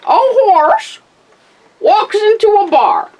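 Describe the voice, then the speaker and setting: A woman's voice: very high voice, sing-song, takes it slowly, a little mellow, slight background noise, voice pushed up, heavily acted, low-quality recording. A woman voicing a cheeky, doddering old grandma pony toy who quavers and exclaims. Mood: joking.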